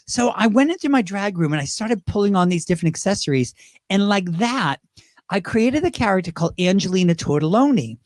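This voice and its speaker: A man from Great Britain chats as an interview guest, telling lively stories and breaking into quick impressions. His voice sits high and the sound is close and dry. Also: no echo. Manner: animated, quick impressions, laughs while talking. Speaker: drag performer guest. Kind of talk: casual interview storytelling.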